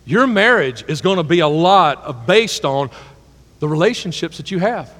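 A male pastor preaching a sermon, dropping to a hush and then rising to loud, excited emphasis, often repeating words as he restarts phrases. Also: fairly high pitch, normal speed. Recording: long hall reverb.

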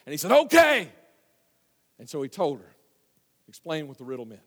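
A man preaching a sermon, telling the story in a folksy way and swinging from loud to hushed. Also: mid-range voice, fast. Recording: long hall reverb.

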